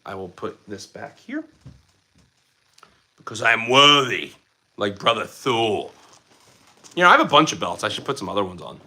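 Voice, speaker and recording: A man's voice: on the low side, sing-song, brisk, long pauses, sharp tone. A man hosting a casual livestream, reading out chat comments in a playful, goofy way and now and then slipping into silly voices. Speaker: livestream host.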